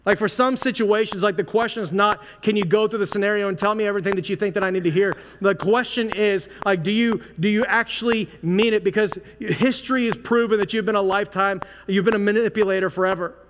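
A man's voice: sits high, quick pace, hardly any pauses, a bit bright. A man preaching a sermon as pastor, in a casual, conversational way full of "like" and restarts. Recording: long hall reverb, faint noise.

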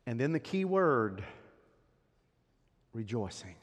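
A man preaching a sermon as a pastor, swinging from loud emphatic peaks down to hushed, quiet drops. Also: medium pitch, big pitch swings, slow. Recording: long hall reverb.

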